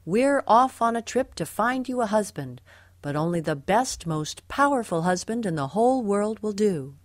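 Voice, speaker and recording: A woman's voice: medium pitch, expressive, normal speed, no room sound, studio quality, natural voice. A woman voicing a fussy, anxious father mouse in a storybook, calling out eagerly and stammering at times.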